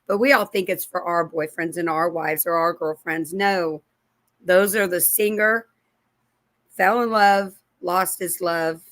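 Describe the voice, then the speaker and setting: A woman's voice: lowish voice, steady tone, unhurried, a bit bright, no echo. A middle-aged woman hosting her own channel, talking casually and in a rambling way about faith, often acting out the voices she quotes. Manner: rambling, with restarts and asides to viewers. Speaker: channel host. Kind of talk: casual religious commentary to camera.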